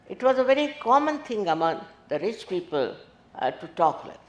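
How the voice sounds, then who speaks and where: A woman giving a sermon-like talk as a spiritual teacher, unhurried and emphatic, scolding as she speaks, recorded in an echoey hall. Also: fairly low pitch, very animated.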